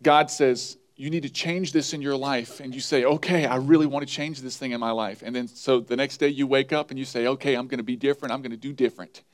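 A man's voice: medium pitch, steady tone, fast, few pauses. A man preaching a sermon, acting out his own pleading prayers as he tells stories. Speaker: pastor.

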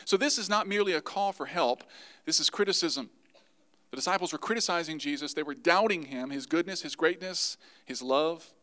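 A man preaching a sermon to his congregation, lively and acting out the voices he quotes. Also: fairly high pitch, fairly quick. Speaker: pastor.

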